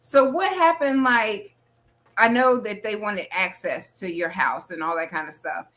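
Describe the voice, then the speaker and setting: A woman hosting an interview show, reacting openly and asking her guest questions in a casual, expressive way. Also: medium pitch, measured pace. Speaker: host.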